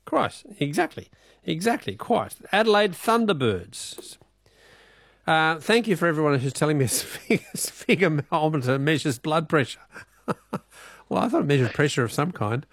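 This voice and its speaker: A man's voice: on the high side, sing-song, normal speed, vocal fry, fairly bright tone, dry recording. Aussie radio quiz guy, laughs a lot, dry studio sound. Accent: Australian. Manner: laughs often, playful teasing. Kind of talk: casual radio talk.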